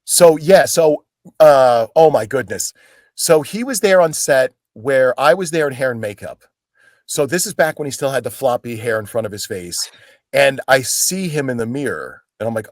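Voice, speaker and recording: With a clean, echo-free studio sound, this middle-aged male actor, a guest, spins casual anecdotes at a moderate pace. His voice is mid-range, and he animatedly imitates the people he's describing.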